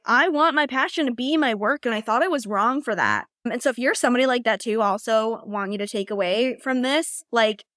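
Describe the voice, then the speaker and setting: A woman's voice: on the high side, fairly bright tone, no room sound. Chatty young woman, dry close mic. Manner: casual, heavy use of "like", laughs often. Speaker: podcast host and coach. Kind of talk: personal storytelling monologue.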